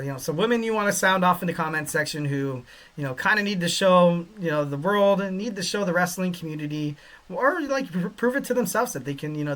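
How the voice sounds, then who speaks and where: A man's voice: a little high, fairly bright tone. A man hosting a podcast, talking in a loose, joking way with many fillers and asides. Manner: rambling, joking, lots of fillers. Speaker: podcast host. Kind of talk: casual commentary.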